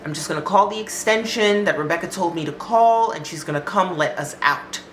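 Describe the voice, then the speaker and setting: A woman voicing a panicking man, a nurse trying to stay calm, speaking in a hushed, pleading way, in an echoey room with faint music. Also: fairly low pitch, a little fast, slight background noise, lightly acted.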